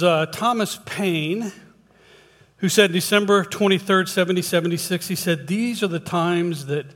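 A man preaching in a church, telling a folksy joke and then leading a prayer with hesitant restarts. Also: fairly high pitch. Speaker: lay preacher. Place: church sanctuary. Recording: long hall reverb.

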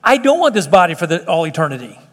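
A man's voice: sits high, very animated, fast talker, fairly bright tone, long reverb tail. A middle-aged man preaching a sermon in an earnest, conversational way, often restarting his sentences. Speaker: pastor. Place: church meeting room.

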